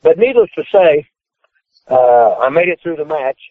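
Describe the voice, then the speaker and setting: A man whose voice sits on the high side, with lively intonation and a moderate pace, calls into a podcast as a retired pro wrestler. His storytelling is profane and full of loudly acted-out quotes, heard over a tinny, dry phone line with no echo.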